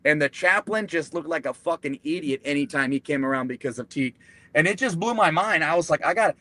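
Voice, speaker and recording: Bright-voiced guy, kinda high, cussing a lot while he tells old marine stories. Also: fast talker, no room sound. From United States. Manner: profane, animated, acts out quoted voices. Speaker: podcast guest, Marine veteran. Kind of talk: casual storytelling.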